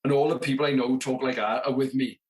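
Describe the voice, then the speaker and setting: A fast talker with a steady, medium-pitched tone, he's a rock drummer in his thirties from near Merthyr Tydfil, South Wales. As a podcast guest he tells casual stories from tour, acting out the dialogue and relying heavily on "you know what I mean."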